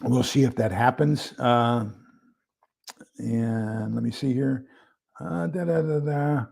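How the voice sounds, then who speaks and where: A man talks loosely on a live stream, his mid-pitched voice carrying a gravelly edge. He drifts and circles back with lots of fillers while reading aloud and wrestling with screen sharing. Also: takes it slowly, darkish tone. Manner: rambling, filler-heavy, reads aloud while fumbling with screen share. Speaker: livestream host. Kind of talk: casual live-stream commentary.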